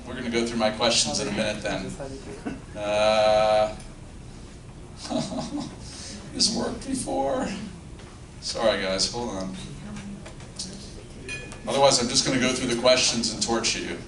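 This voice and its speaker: A man with a lowish voice speaks in a steady tone at a moderate pace as legal counsel at a luncheon. Joking and self-deprecating, he asks the audience questions during his live talk, and the distant mic catches the function room's echo and background noise.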